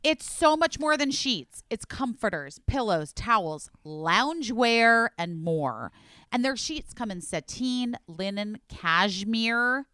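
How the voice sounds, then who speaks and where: A woman podcast host reading ads in a casual, enthusiastic, chatty way, sometimes dropping to a quiet voice for emphasis. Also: on the high side, very animated, takes it slowly, clear, resonant tone, no echo, studio quality. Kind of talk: casual chat ad read.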